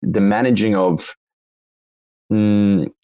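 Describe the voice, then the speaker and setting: A man with an Australian accent and a raspy voice, hosting a casual audio chat and asking long, rambling questions with lots of fillers. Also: lowish voice, steady tone, slow, mellow, dry recording, muffled recording. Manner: rambling, self-correcting questions with frequent fillers. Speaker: host. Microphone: online audio chat room.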